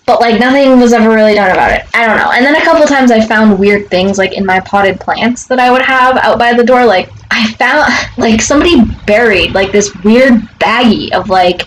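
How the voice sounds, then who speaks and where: A woman's voice: a little high, a little fast, few pauses, a little hiss or hum, poor audio. A young woman vlogger telling a casual story outside her front door, rambling with many fillers and swearing.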